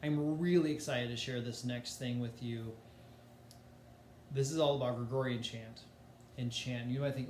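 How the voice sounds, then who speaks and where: A man gives a casual music lesson in a loose, chatty way, with filler words along the way. His voice sits at an ordinary middle pitch. The room rings with echo, and a faint hiss stays under it. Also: fairly even intonation, a little slow, a little mellow. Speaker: music teacher.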